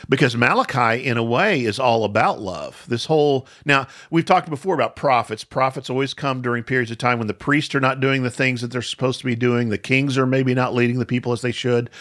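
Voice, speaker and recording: A man hosting a podcast, teaching the Bible in a conversational way, thinking aloud with restarts and slowing down to stress key points. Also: medium pitch, fairly bright tone. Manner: thoughtful, with frequent restarts and slow emphasis.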